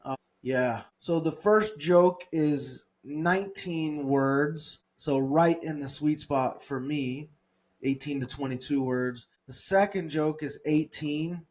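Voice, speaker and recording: A man co-hosting a comedy podcast, workshopping his own jokes in casual chat and reading lines in an animated voice. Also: fairly high pitch, takes it slowly. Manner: reads joke lines in a raised, animated voice; laughs easily, thinks aloud.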